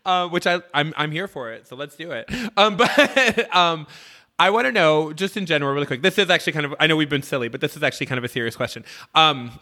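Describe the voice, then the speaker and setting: A man's voice: a little high, lively intonation, quick pace, pushed and bright. A man hosting a podcast in casual chat, bubbly and playful, laughing often. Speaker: podcast host.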